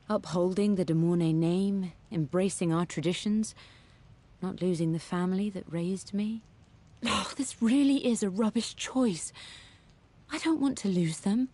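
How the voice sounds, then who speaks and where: A woman's voice: medium pitch, mellow. A woman voicing a thoughtful young noblewoman, reading her own diary as game voice-over in a reflective, wry manner. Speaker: diary narrator.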